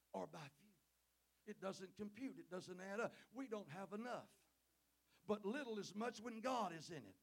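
Male preacher, high voice with gravel. Calls "amen?" to the pews, loud peaks and low asides, joking between points. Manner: calls out "Amen?" and "Hello?" to the congregation; jokes with the crowd between points. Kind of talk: sermon. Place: church sanctuary.

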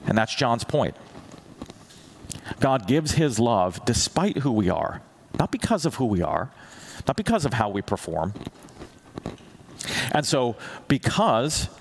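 A man's voice: medium pitch, a little hiss or hum. A man preaching a sermon as teaching pastor, candid and self-deprecating, acting out prayers and God's replies in a raised voice. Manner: animated, acts out dialogues with God in a raised voice.

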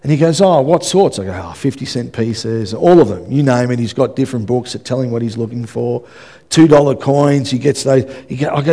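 A male pastor, preaching a sermon and telling an animated story, acting out the dialogue and often checking in with "yeah?". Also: medium pitch, fairly quick. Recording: reverberant hall.

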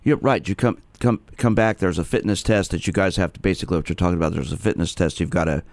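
A man's voice: sits low, fast, a little mellow, no room sound. A man hosting a call-in radio talk show who often restarts and repeats words.

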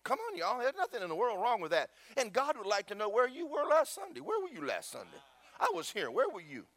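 Speaking quickly in a very high voice, a pastor delivers a sermon full of jokes and stories. He's lively and addresses his congregation directly.

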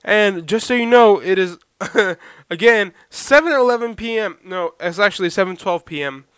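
A young man hosting a solo podcast, talking loudly to listeners on a badly set microphone and checking in with "okay?" and "all right?" again and again. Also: sits high, moderate pace, clear, resonant tone, no room sound, studio quality. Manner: loud, talks to listeners with repeated "okay?". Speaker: podcast host. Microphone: poorly set podcast microphone.

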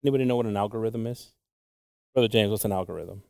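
A man's voice: on the low side, fast talker, gravelly, darkish tone, no echo. Casual, rambling male preacher. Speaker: pastor. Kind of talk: sermon.

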